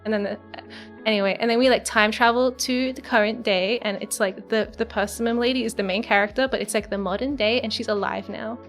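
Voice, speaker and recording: This virtual streamer, a young woman, talks fairly quickly in a fairly high, steady voice. She chats casually with her live-stream audience, wandering through a story with lots of fillers and giggles, while soft music plays behind her.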